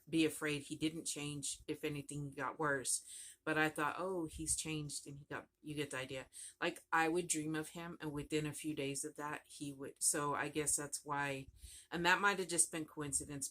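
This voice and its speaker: A woman's voice: sits low, a bit bright. A woman vlogging casually about her crochet project, rambling and chatty, often trailing off and starting over. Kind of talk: casual chat to camera.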